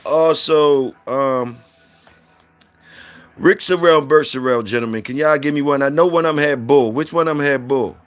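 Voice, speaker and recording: A man's voice: a little high, moderate pace, clear, resonant tone, soft background music. A man hosting a casual livestream, reading out viewer comments and saluting people in a loose, repetitive drawl.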